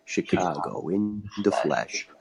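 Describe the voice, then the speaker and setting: A man's voice: low voice, animated, slow pace, creaky, noisy background, exaggerated voice. A man voicing a folksy, boastful male guest who rambles in ungrammatical speech.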